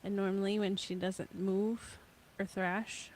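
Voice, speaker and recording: A woman's voice: medium pitch, flat delivery, slow, a little mellow, a little hiss or hum. A woman co-hosting a casual home podcast, telling rambling, chatty stories. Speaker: podcast co-host.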